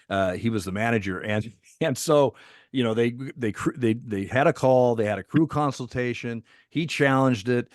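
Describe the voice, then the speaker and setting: A former umpire tells stories with energy, jumping into the voices of the people he quotes. His voice sits on the low side, and the sound is dry and close with no room echo. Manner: animated storyteller, acts out quoted people. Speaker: retired umpire guest. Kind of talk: casual storytelling chat.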